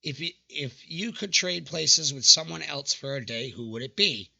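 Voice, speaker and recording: Fairly high in pitch, this young man's gravelly, sharp voice has lively intonation and moves at a normal speed. He hosts a channel where he reacts to dating app screenshots, swearing freely and mocking the messages in an exasperated, casual way.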